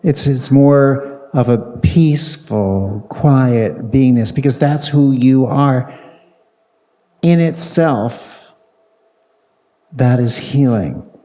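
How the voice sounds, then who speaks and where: A man's voice: mid-range voice, drawn-out words, dark tone. A man leading a live audience through a guided exercise, coaxing and playful, repeating short commands. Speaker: speaker on a panel. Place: large hall with a live audience. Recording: long reverb of a large hall.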